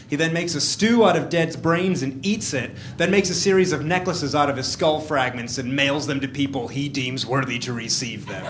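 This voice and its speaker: Guy doing stand-up, high voice, echoey noisy club recording. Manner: animated, jumps to shouted punchlines. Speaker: stand-up comedian. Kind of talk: stand-up comedy set. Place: comedy club stage.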